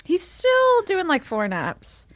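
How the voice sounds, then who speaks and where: A woman's voice: extremely high pitch, wildly swooping pitch, slow, fairly bright tone, dry recording. Chatty woman, dry close sound. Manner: chatty storyteller, many fillers and restarts, laughs easily. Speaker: podcast co-host. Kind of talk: casual chat.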